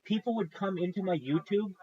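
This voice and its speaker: A man's voice: sits high, fairly quick, dark tone, dull audio. A man talking casually to his stream viewers as a live streamer, swearing often and getting worked up as he rants. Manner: profane, ranting, worked-up.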